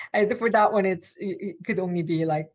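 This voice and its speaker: A middle-aged Korean language instructor gives a recorded lecture in a mid-range voice, explaining patiently with frequent ums. She alternates slow English with quick example phrases.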